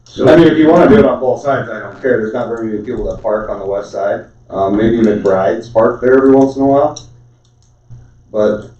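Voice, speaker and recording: A man's voice: medium pitch, a little fast, warm tone. A man speaking at a city council meeting, explaining a point in a plain, patient way with lots of "I mean". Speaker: council member. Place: council chamber. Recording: far-off mic, echoey chamber, dull sound.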